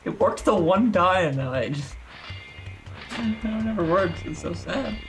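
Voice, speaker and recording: A man's voice: high voice, animated, a little slow, fairly bright tone, soft background music, low-quality recording. A young man co-playing a horror game on stream, reacting with curses and laughter. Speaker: co-player on a stream. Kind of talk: casual gameplay chat.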